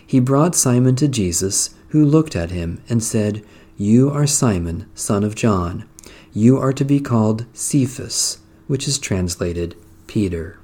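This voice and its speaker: A man reading psalms, prayers and a gospel passage in a measured, solemn, devotional cadence. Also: on the low side, expressive, warm tone. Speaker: prayer reader. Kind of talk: liturgical reading of psalms and scripture.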